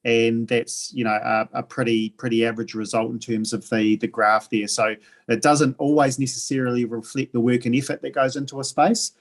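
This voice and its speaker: A man with a New Zealand accent chairing a council meeting, speaking haltingly with many fillers and restarts. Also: mid-range voice, level tone.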